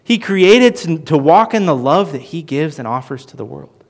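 A man teaching through a Bible passage in an earnest sermon, with lively emphasis and frequent restarts. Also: on the high side, normal speed. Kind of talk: expository sermon.

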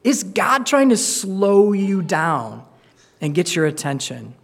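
A man's voice: high voice, big pitch swings, slow pace, creaky, slightly rough. A man preaching as a pastor, earnest, often restarting words and acting out quoted voices. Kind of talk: sermon with Bible reading.

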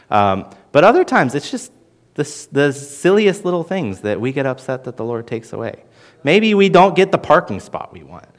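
Earnest male Bible teacher preaching. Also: on the high side. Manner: earnest, lively emphasis with frequent restarts. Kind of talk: expository sermon.

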